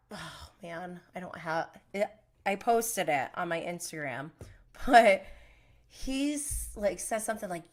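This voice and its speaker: A woman hosting a casual solo recap podcast, chatty and animated, laughing often and trailing off mid-thought. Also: medium pitch, slow pace. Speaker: podcast host.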